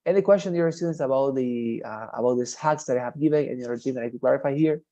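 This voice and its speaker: A man teaching a TOEFL class online, with a relaxed, dark timbre. He explains with lively, animated intonation and leans on the phrase "as I say". The sound is dry and close, like a video call. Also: mid-range voice, fast, dry recording, dull audio. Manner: animated, repeats "as I say", demonstrates intonation.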